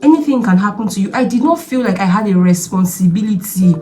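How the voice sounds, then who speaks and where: Young woman vlogger, mid pitch, chatty and emphatic, repeats for effect, faint music bed. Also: lively intonation, fast, warm tone. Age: young adult. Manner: chatty and emphatic, repeats herself, often asks the viewer "do you understand?". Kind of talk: casual confessional vlog.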